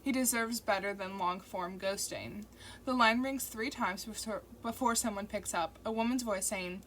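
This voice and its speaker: A woman reads a novel aloud in the first person, her mid-range voice steady and intimate. Faint construction noise drifts in behind the reading. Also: mid-range voice, moderate pace. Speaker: audiobook narrator. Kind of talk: first-person audiobook narration.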